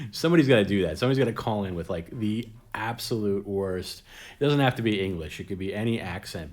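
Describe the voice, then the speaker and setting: A man's voice: low-pitched, a little mellow. A man hosting a late-night stream, chatting casually in a rambling way, often repeating his words and laughing at his own jokes. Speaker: host.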